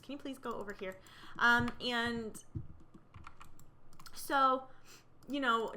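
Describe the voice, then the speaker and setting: A woman's voice: a little high, pushed and bright, slight background noise. A young woman narrating a life simulation game in a casual, chatty way, full of fillers and gossip. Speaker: let's play narrator.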